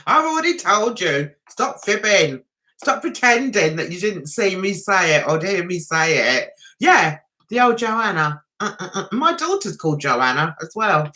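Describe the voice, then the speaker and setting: A woman's voice: mid-range voice, bright, forceful tone. A middle-aged woman with a London accent, hosting a casual livestream and chatting, teasing and giggling with her viewers. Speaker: livestream host.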